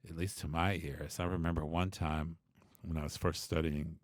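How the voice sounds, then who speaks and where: A man who teaches bass, talking through his ideas in a loose, reflective way, with many asides and restarts. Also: little pitch movement, moderate pace, dry recording, studio quality. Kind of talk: conversational teaching monologue.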